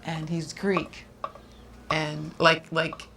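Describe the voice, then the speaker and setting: A woman's voice: deep voice, flat delivery, extremely slow, gravelly. A woman co-hosting a cooking show, telling stories in casual chat and laughing often, in a community TV studio. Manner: chatty storyteller, laughs often. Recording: noisy community TV studio audio.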